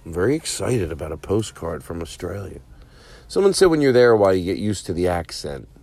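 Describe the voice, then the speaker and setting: A man's voice: low-pitched, big pitch swings, brisk, vocal fry, darkish tone, no echo. A man hosting his own show, rambling through a profane, self-mocking comedic monologue full of asides. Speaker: comedian podcast host.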